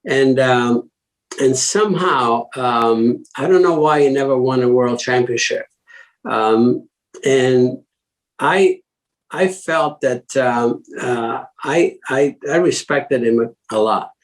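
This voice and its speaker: An older man speaks as a podcast guest, from Italy originally. He rambles through his stories with many fillers, restarts and small chuckles, and his voice sits at an ordinary mid pitch. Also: slow, poor audio. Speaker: guest, former racing driver. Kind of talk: casual interview talk.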